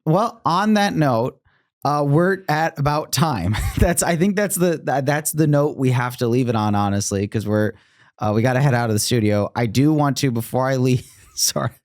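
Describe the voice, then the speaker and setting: A man hosting a podcast in a studio, relaxed and chatty with lots of agreeing fillers. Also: medium pitch, moderate pace, no room sound. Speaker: podcast host. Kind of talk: casual chat. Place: recording studio.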